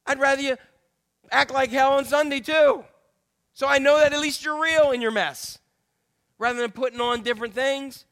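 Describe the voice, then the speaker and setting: A middle-aged male pastor preaching a candid, self-deprecating sermon full of jokey asides and sudden high exclamations. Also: steady tone, moderate pace, pauses often, fairly bright tone. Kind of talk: humorous conversational sermon.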